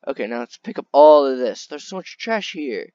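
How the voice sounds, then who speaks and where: A man chatting through a video game in a casual, excitable way, often talking straight to the creatures on screen. His voice swings widely up and down in pitch. The sound is dry and a little dull, like a simple home setup. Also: normal speed, dry recording. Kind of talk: casual gameplay commentary.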